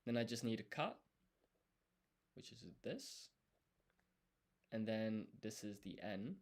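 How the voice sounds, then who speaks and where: A man studying on a live stream, thinking aloud as he writes and explaining each step in a deliberate, self-correcting way. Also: on the low side, sing-song, a little mellow. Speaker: language learner streaming his study.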